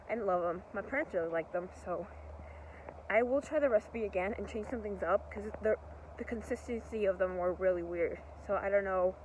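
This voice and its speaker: A woman's voice: mid-range voice, a little mellow, slight background noise, rough recording. A young woman chatting casually to her camera in a rambling, upbeat vlog manner. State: slightly out of breath while walking. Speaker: vlogger. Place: outdoors in a park at sunset.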